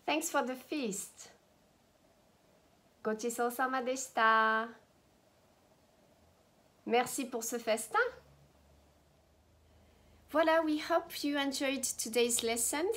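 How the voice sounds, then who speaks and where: A woman teaching a language lesson, saying each phrase slowly and repeating it for learners. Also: on the high side, a bit bright. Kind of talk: slow, careful language lesson.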